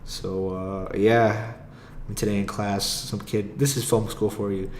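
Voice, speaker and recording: A man's voice: on the low side, flat delivery, unhurried, a little mellow, reverberant, a little hiss or hum. A young man hosting a casual solo podcast, rambling, swearing freely and laughing often. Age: young adult. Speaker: podcast host. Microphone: own podcast mic.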